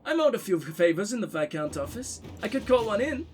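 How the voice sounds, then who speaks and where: A man voicing a sly, worldly male writer, reading a letter in a low, laid-back way. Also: sing-song, fairly quick, faint music behind. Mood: wry.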